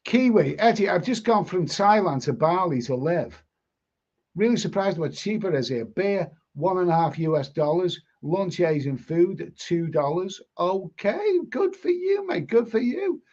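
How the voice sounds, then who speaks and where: An older man with a Liverpool accent, his voice sitting fairly high, hosts a live stream and reads out viewer comments. He rambles, repeats words and swears in a blunt, casual way. The sound is dull and lo-fi. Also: very animated, normal speed, a little mellow. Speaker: live stream host reading chat. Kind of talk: casual chat.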